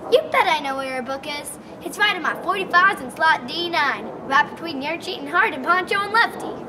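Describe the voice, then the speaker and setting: A woman's voice: sits high, expressive, brisk, far from the mic, noisy background. A woman voicing a sassy, lonesome female jukebox that talks in country song lines.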